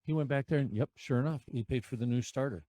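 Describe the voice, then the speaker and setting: A man in his fifties telling road stories as a podcast guest, animated and acting out the dialogue. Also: medium pitch, quick pace, no room sound. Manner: animated storyteller who acts out dialogue. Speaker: podcast guest, veterans' charity rider. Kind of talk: conversational storytelling.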